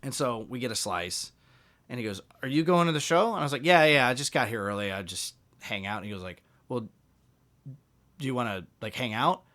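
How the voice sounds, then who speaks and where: A man's voice: medium pitch, brisk. A man, a musician, telling stories casually as a podcast guest and acting out the people in them. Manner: animated, acts out quoted dialogue. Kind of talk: casual storytelling.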